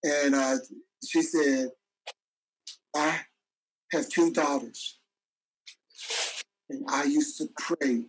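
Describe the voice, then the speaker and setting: A man on a discussion panel telling a story in an animated way, stumbling over his words as he restarts sentences. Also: a little high, extremely slow, pauses often, husky, poor audio.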